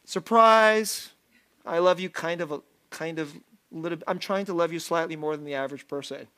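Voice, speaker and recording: A man preaching a sermon as pastor, lively and self-deprecating, often laughing as he talks. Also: fairly high pitch, quick pace. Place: church sanctuary.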